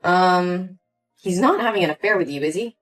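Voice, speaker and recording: A woman's voice: fairly low pitch, normal speed, soft background music, voice pushed down, lightly acted. A woman voicing an upset young adult daughter in a dramatized story, pleading and indignant. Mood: cheerful. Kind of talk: scripted story voice acting.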